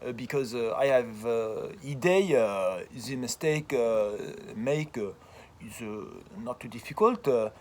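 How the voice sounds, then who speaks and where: An American man imitating a French speaker struggling through English, with a put-on French accent and constant "uh" pauses, speaking outdoors. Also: mid-range voice, lively intonation, a little mellow, natural voice. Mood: halting. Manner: slow, halting, full of "uh" pauses.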